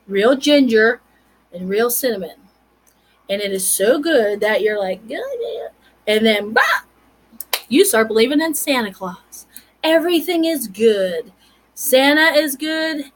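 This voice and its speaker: A woman in her forties hosting a casual comedic vlog, telling stories in a chatty, animated way with playful asides. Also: fairly high pitch, rough recording. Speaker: vlog host.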